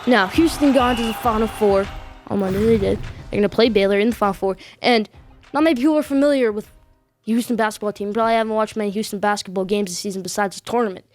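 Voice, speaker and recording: A woman hosts a sports podcast as solo commentary, making emphatic, bold predictions addressed to viewers and repeating her points for stress. Her mid-range voice has a darkish tone and moves fast over soft background music.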